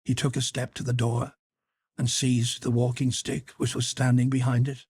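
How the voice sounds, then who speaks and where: A man narrates literary fiction for an audiobook in an even, measured way. His voice sits mid-range with a husky, breathy grain. The recording is dry, with no room sound. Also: medium pitch, no room sound. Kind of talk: scripted narration.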